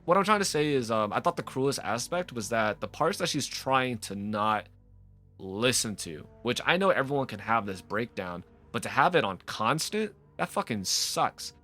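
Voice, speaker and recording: A man with a bright, forceful voice rants freely as a gaming video host, swearing and cutting himself off mid-thought. His talk rambles and doubles back as he works through his point. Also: mid-range voice, big pitch swings, normal speed, faint music behind. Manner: rambling, profane, frequent self-interruptions. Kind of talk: casual off-the-cuff rant to camera.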